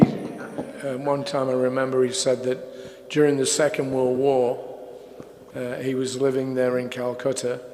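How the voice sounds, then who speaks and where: An older man giving a religious lecture and answering questions. He tells stories in an unhurried way, with many fillers. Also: medium pitch. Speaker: speaker at a religious festival. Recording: echoey hall with faint noise.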